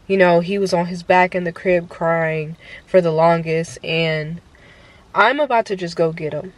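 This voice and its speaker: A woman's voice: on the low side, a little slow, low-quality recording. A young woman and mother, talking casually to her phone camera in a chatty vlog, full of "like" and "y'all". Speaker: vlogger and mother.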